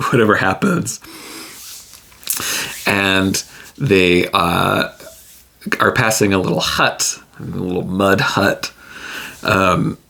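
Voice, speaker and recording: A man's voice: deep voice, gravelly, fairly bright tone. Casual man narrating a solo tabletop game. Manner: casual, thinking aloud with many fillers.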